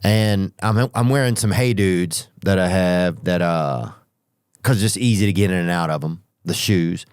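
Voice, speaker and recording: A man hosting a podcast, telling rambling comic stories with profanity and drawn-out asides. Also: low-pitched, clear, resonant tone, no room sound, studio quality. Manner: profane, drawn-out asides, sudden character voices. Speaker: podcast host.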